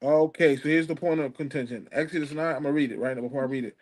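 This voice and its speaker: A man with a slightly high voice calls into a Bible debate stream. He presses his questions steadily and persistently and reads scripture passages aloud. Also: steady tone, racing, a little mellow. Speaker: caller.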